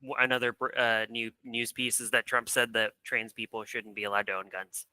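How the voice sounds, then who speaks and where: A man chats on a political podcast, eager and quick to jump in. His voice is very bright and sharp, smooth and crisp, and recorded dry and close. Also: medium pitch, flat delivery, dry recording. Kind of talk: casual political chat.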